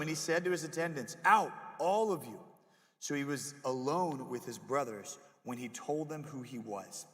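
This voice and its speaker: Animated young man preaching in a hall. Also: on the high side. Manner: animated, jokey, acts out voices. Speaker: youth pastor. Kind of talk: middle school chapel sermon. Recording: echoey hall with long reverb.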